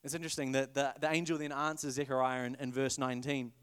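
A man's voice: medium pitch, flat delivery, quick pace, fairly bright tone, clear, resonant tone, long reverb tail. A man preaching a sermon in a conversational, playful way, sometimes correcting himself mid-sentence. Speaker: pastor.

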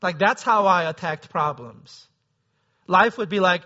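A man's voice: high-pitched, a little slow, pushed and bright, dull audio. A man preaching a sermon as pastor, talking conversationally and often checking in with the listeners.

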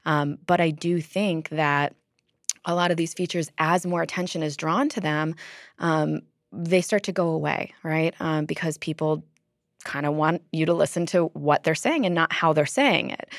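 Low-voiced woman explaining with many ums. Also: fairly even intonation, moderate pace, no room sound, clean studio sound. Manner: thoughtful, many ums and uhs. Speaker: linguist interviewee. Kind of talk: explanatory interview talk.

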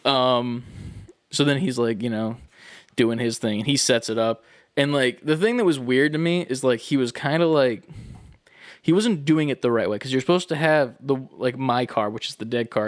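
A young man casually telling a long story, animated and profane, acting out the people in it. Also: medium pitch, normal speed, no echo, studio quality. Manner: animated, swearing, acts out voices in his stories.

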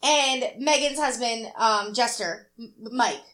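A woman in her thirties with a high, bright voice, chatting casually. She tells a story with big energy, swears freely and jumps into other people's voices as she goes. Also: takes it slowly. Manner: animated storytelling, acting out others' voices, profane. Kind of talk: casual chat.

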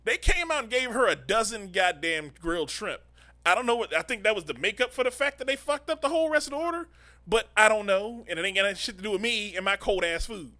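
A man's voice: high-pitched, fast. A man co-hosting a podcast, telling a profane story and acting out the people in it. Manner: animated storyteller acting out quoted voices, profane. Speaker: podcast co-host. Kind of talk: casual storytelling chat.

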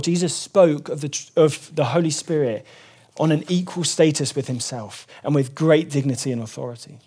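A male preacher delivering a sermon in a fairly high voice. He speaks earnestly and with emphasis, and his voice lifts whenever he quotes scripture. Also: warm tone. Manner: earnest, emphatic, voice rising when quoting scripture.

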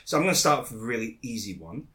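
Lively bright-voiced man hosting. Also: medium pitch, quick pace. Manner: laughs often, jokey, stammers. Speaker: podcast host. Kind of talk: casual comedic chat.

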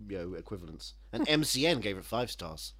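A man co-hosting a casual comedy chat, sardonic and quick-witted. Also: on the low side, sing-song, a bit bright, no room sound.

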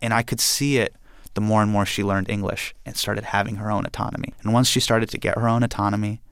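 A man from India telling a personal story, acting out the scenes with animated energy. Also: on the low side, quick pace, clean tone, no room sound.

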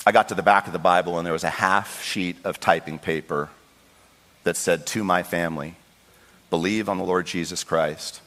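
Storytelling pastor in a reverberant hall. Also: male voice, sits low, normal speed. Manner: storytelling with lively voiced quotes. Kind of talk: sermon. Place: church sanctuary.

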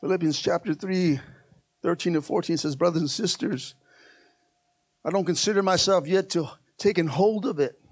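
A male pastor delivering a passionate sermon, swinging from soft asides to loud, fervent climaxes. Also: high voice, moderate pace, breathy edge, no echo, clean studio sound.

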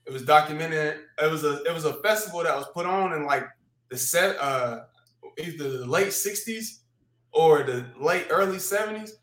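A man in loose podcast chat, swearing freely and circling back on his own words. His voice sits high and bright, and it rings in a roomy, echoing space. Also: moderate pace. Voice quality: profane, rambling with restarts, animated when retelling. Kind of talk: casual chat.

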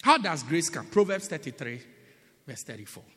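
A high, lively man preaches in a long-reverb hall, his bright, husky voice leaping from shouts to hushed whispers. He teases his listeners playfully. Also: normal speed. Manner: swings from shouting to near-whispering, playful and teasing. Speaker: bishop preaching. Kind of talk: sermon. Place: church hall.

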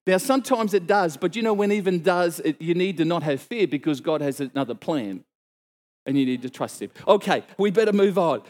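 A middle-aged man preaching, telling a story and acting out the dialogue with sudden exclaimed lines. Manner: animated, acts out dialogue with sudden high exclamations. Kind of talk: storytelling sermon.

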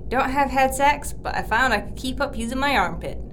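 Ro, a cheeky space traveler. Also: female voice, high-pitched, lively intonation, a little fast. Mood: teasing. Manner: teasing, playful and boastful. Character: cheeky, worldly woman space traveler who knows many languages. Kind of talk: animated series dialogue. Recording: noisy background ambience.

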